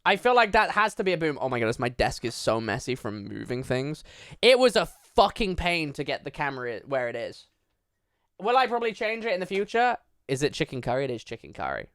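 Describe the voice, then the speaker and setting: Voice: mid-range voice, sing-song, fairly quick, clean tone, no echo. A livestreamer chatting casually at a home desk, rambling with lots of fillers and casual swearing. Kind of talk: casual live-stream chat.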